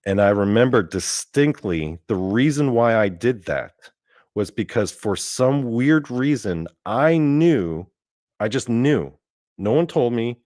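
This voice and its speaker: A man's voice: mid-range voice, lively intonation, slow, darkish tone, dry recording, clean studio sound. A man hosting his own podcast, telling a first-person story in a casual, rambling way, with plenty of swearing, fillers and restarts. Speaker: podcast host.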